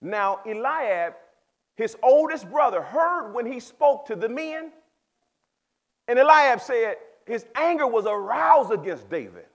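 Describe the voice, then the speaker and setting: A pastor with a very high, sing-song voice preaches unhurriedly to a youth group, leaning into casual speech and calling out listeners by name. He swings between loud exhortation and quiet, plain explanation.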